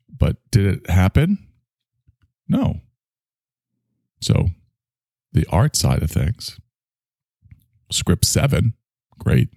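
A man's voice: deep voice, gravelly, a little mellow, no room sound, clean studio sound. A man hosting a casual solo podcast monologue, rambling and self-mocking while in back pain. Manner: rambling, self-mocking, swings between grumbling and enthusiasm. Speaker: podcast host.

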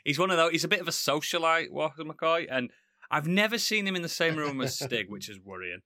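A man co-hosts a podcast in loose, jokey chat. His voice is bright and bounces up and down in pitch. It sounds close and dry. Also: lively intonation, a little fast, no echo. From Yorkshire, England. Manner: jokey, swears, laughs often. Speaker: podcast co-host. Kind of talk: casual chat.

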